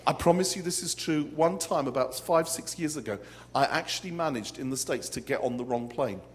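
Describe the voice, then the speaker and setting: A man's voice: medium pitch, a little fast, a little hiss or hum. A man preaching a live sermon to a conference crowd in a hall, with dramatic, comic storytelling. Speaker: pastor.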